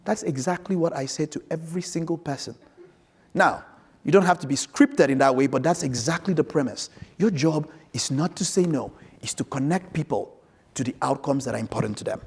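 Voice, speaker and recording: A man giving a conference keynote on stage, telling an anecdote in an animated way and acting out both sides of the conversation. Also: a little high, a little fast, husky. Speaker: keynote speaker.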